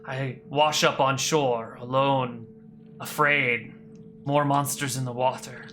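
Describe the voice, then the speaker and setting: A game master voicing a refined, haughty young male prince who speaks slow, broken common. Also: mid-range voice, big pitch swings, fairly bright tone, faint music behind, voice pushed up. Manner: halting broken grammar, formal and slow.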